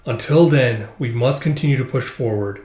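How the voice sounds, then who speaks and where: A man voicing a wounded young king who speaks quietly and with resolve. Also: mid-range voice, moderate pace, natural voice. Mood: resolute. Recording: roomy echo.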